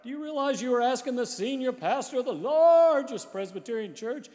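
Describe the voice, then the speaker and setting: Indignant male pastor , acted by a preacher, loud and shrill, long reverb. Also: animated, a little fast. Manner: exasperated, incredulous.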